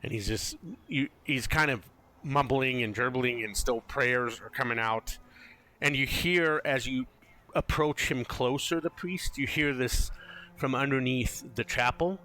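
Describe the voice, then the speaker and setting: A man running a tabletop game as game master, narrating scenes in an animated, descriptive way. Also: mid-range voice, measured pace. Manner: descriptive, animated, laughs easily.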